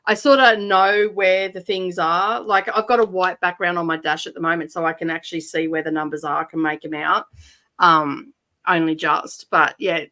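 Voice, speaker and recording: A woman's voice: lowish voice, steady tone, normal speed, bright, forceful tone. A woman with an Australian accent co-hosting a live stream, chatting casually and laughing often. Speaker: livestream co-host.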